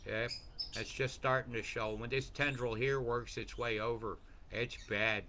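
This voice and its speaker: Bright-voiced, profane man. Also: medium pitch, measured pace, slight background noise. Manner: profane, excitable, jumps between topics. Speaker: weather channel host. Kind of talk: rambling livestream commentary.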